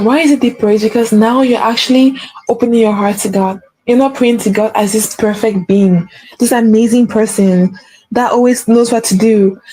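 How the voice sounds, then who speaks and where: A woman's voice: fairly high pitch, dark tone, poor audio. A woman giving an earnest spiritual pep talk as a faith coach, repeating key phrases for emphasis.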